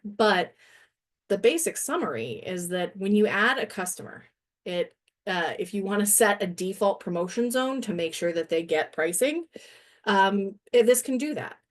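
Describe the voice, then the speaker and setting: A woman trainer walking through a software demo in a webinar, chatty and self-deprecating, laughing now and then and a little winded. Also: mid-range voice.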